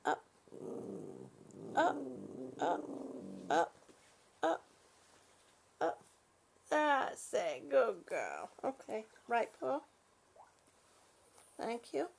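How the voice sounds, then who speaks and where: A woman talking casually to her small dog as she dresses it, coaxing and affectionate, often quiet and laughing. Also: high voice, very animated, very slow, vocal fry, long pauses, slight background noise. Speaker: vlogger.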